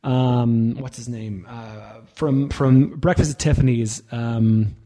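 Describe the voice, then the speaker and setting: A man's voice: mid-range voice, fairly even intonation, slow pace, warm tone. A man in his forties hosting a casual podcast, rambling with many restarts and asides. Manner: rambling, self-interrupting, lots of restarts. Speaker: podcast host. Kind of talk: casual chat.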